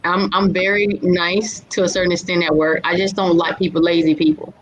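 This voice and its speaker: A woman's voice: on the low side, flat delivery, brisk. A woman speaking bluntly and directly in a casual group chat. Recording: dull lo-fi sound with faint noise.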